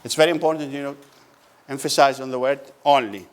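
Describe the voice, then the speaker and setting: Man lecturing, slow questioning delivery. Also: mid-range voice, fairly even intonation, clear, resonant tone. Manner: asks the class questions and answers them, repeats key words slowly. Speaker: physics lecturer. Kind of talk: classroom lecture. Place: lecture room.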